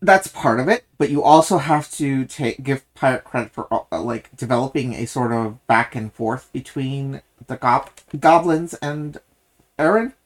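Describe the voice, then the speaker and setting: Casting: podcast co-host who keeps restarting sentences, mid-pitched, casual book chat. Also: lively intonation. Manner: halting, many restarts and self-corrections.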